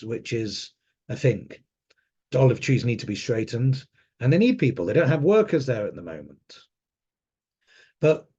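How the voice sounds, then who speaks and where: A man in his fifties recounts a recent trip in loose, conversational speech. He often trails off with fillers and restarts his sentences. His pitch sits in the middle range, and the recording is somewhat dull. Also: a little mellow, breathy edge. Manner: rambling, frequent fillers and restarts. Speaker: association officer. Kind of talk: casual spoken trip account.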